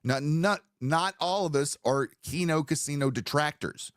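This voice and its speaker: A man's voice: on the high side, measured pace, no room sound, studio quality. A man hosting a live stream, talking in a casual, profane, rambling way as he sets up a commentary segment. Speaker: streamer host.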